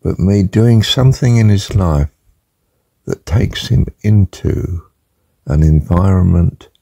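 An older man giving an emphatic spiritual talk, slow and deliberate, sometimes dropping to a hushed whisper. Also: no room sound. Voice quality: very deep gravelly voice. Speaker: religious teacher.

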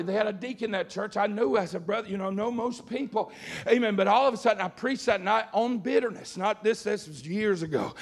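Evangelist man, very high voice with gravelly fry, storytelling sermon that rises into shouting. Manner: storytelling preacher, calls out "come on, somebody" and "amen"; rural Southern-style grammar, grows to shouting. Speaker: evangelist preacher. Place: church sanctuary.

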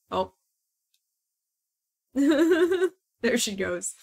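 A woman's voice: fairly high pitch, animated, slow pace, breathy edge. A woman streaming a video game, chatting casually, laughing often and coaxing her cat. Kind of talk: casual live-stream chat.

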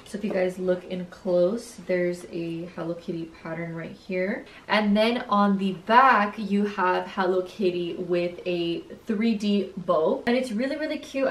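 A woman's voice: mid-range voice, roomy sound, a little hiss or hum. A young woman vlogger chatting casually through a haul video, bubbly and slangy, swearing freely.

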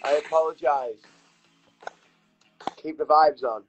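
A young British man talking excitedly into his phone from a hotel room, swearing freely and bouncing between topics. His voice sits a little high for a man. Faint music plays behind him. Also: slow. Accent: British English. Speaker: musician hosting a livestream. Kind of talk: casual livestream chat.

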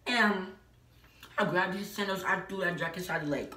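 A low-voiced woman vlogger tells her viewers a personal story at normal speed, her tone pushed and bright, emphatic and packed with filler "like"s. It's casual storytelling, and she sounds some distance from the mic in an echoey room.

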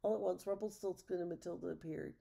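Gravelly woman reading a storybook. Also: fairly low pitch, steady tone, quick pace, warm tone. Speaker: narrator. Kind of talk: storybook read-aloud.

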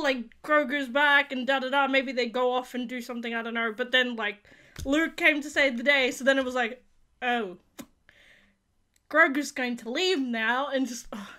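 A young woman hosting a casual review, rambling with lots of fillers and breaking into excited squeals. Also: high-pitched. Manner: gushing, rambling, full of fillers; bursts into squeals and laughs. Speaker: YouTube reaction host.

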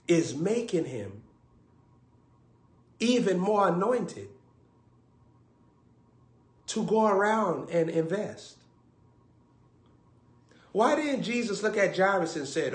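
High-voiced preacher in an echoey room. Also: male voice, takes it slowly, long pauses. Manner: animated, shouts and acts out scenes. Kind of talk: comedic sermon with acted bits.

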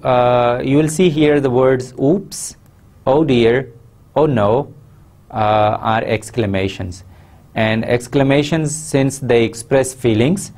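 A man with a Pakistani accent giving a recorded university lecture, measured and explanatory, stressing key words. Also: medium pitch, a little mellow.

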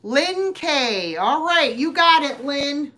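Slow, chatty woman with a lively voice. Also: high voice. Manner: chatty, rambling, many fillers. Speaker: live sale host. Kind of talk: live-stream sales chat.

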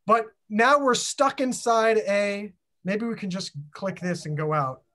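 Host on a video call, playful and chatty, keeps tossing questions to the group, mid-pitched voice. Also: lively intonation, a little slow, sharp tone. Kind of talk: casual group chat.

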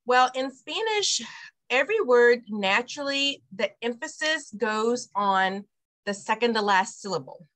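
A woman's voice: a little high, animated, a little slow, a bit bright. A woman leading an online Spanish class for parents over a video call, explaining phrases step by step. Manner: explains step by step, repeats phrases after the teacher. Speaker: preschool director teaching Spanish to parents.

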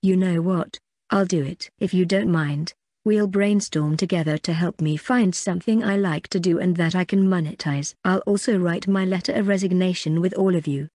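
An unsure eldest brother, a grown man who hesitates and lets his words trail away, read by a woman. The voice sits a little low and sounds close and dry, with no room around it. It comes across as a plain storybook reading. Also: moderate pace, warm tone, no echo, lightly acted. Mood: resolved.

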